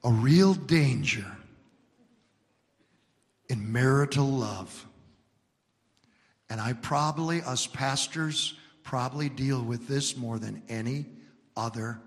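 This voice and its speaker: A male pastor preaching an emphatic sermon built on repeated lines, moving from shouts down to hushed words. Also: medium pitch, in a large hall.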